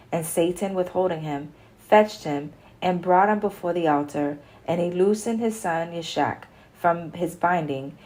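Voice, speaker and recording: A woman reading an old religious text aloud in a steady, earnest way, slowing down for quoted speech. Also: fairly low pitch, poor audio. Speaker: scripture reader. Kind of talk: scripture reading.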